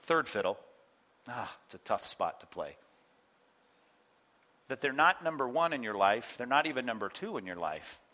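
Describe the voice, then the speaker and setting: Speaking at medium pitch and a moderate pace, with long pauses, a man preaches a sermon in church. He addresses the congregation directly and animatedly acts out the quoted voices.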